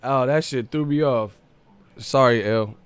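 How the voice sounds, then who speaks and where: A man's voice: medium pitch, a little slow, clean tone, dry recording. A young man with a Sacramento accent hosting a live boxing stream, chatting loosely and joking with his chat in slang. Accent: Northern California, Sacramento. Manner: loose and joking, reads chat aloud, laughs often, slangy.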